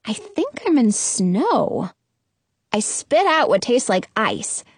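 A woman narrating a first-person children's story aloud, expressive and quick to burst into excited exclamations. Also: fairly high pitch, husky, dry recording. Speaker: audiobook narrator.

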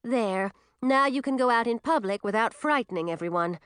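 A woman's voice: fairly high pitch, expressive, moderate pace, a bit bright, clean tone, dry recording, studio quality. A woman voicing a teasing, witty young girl friend.

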